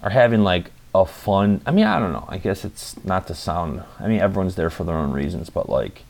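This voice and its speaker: A young man rambles through a casual story, swearing often and filling pauses with "like" and "you know." His low, gravelly voice has a darkish tone and expressive delivery, moving a little fast.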